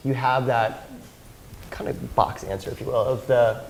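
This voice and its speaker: A man's voice: medium pitch, fairly even intonation, a little slow, gravelly, crowd noise, rough recording. A man hosting a casual interview, earnestly steering the guest with his questions. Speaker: interview host.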